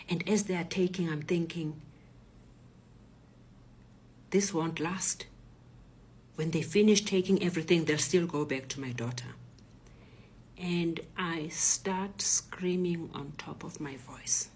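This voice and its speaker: A woman in her sixties with a South African accent, a retired professor telling her own story in a hushed, often whispery voice. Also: lowish voice, measured pace, a little hiss or hum. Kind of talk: personal testimony.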